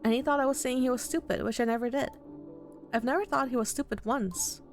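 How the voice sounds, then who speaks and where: A woman's voice: high voice, fairly quick, soft background music. A woman voicing an earnest, worried young man in a visual novel. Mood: upset. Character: earnest, anxious young man in his twenties.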